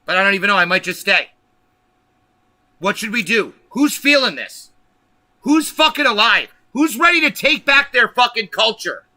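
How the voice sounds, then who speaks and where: A man's voice: high-pitched, animated, normal speed, pushed and bright, dry recording. A man hosting a political livestream, ranting angrily and emphatically with lots of profanity. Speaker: livestream host.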